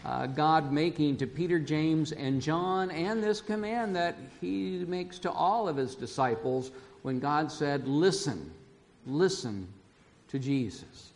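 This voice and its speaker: A male pastor delivers a sermon in an unhurried, measured way, his voice sitting a little higher than most men's. He talks conversationally to the congregation, chuckling now and then and doubling back on words. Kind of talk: sermon with scripture reading.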